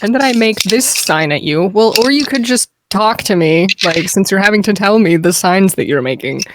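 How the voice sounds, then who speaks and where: A woman's voice: medium pitch, lively intonation, normal speed, noisy background. A woman player chatting and joking with friends on a video call before a tabletop game. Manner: wry, joking, laughing often. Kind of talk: casual chat on a video call. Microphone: home mic on a video call.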